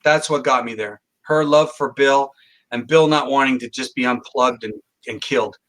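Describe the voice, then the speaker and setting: A man's voice: medium pitch, normal speed, a bit bright. A man telling a long personal story as a guest in a podcast interview, acting out quoted dialogue. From Canada. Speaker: guest psychic.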